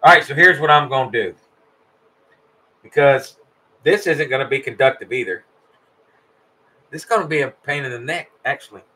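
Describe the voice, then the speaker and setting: A man's voice: medium pitch, normal speed, pauses often, pushed and bright. A man hosting a casual livestream from his guitar workshop, teasing his co-host, joking with viewers and laughing often.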